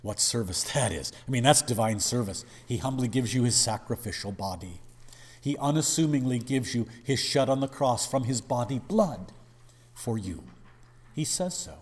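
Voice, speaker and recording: A man's voice: mid-range voice, expressive, normal speed, husky, long reverb tail. A male pastor preaching a sermon in an emphatic, dramatic way, with rhetorical questions.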